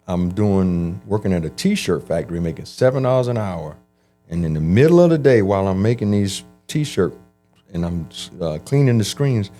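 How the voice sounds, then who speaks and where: Low mellow-voiced man telling his story. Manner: animated, acts out quoted voices, frequent restarts. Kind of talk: conversational storytelling.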